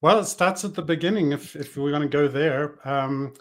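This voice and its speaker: A man's voice: a little high, normal speed. A middle-aged man with a New Zealand accent, a business coach guest telling his story in an easygoing way. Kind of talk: casual podcast interview.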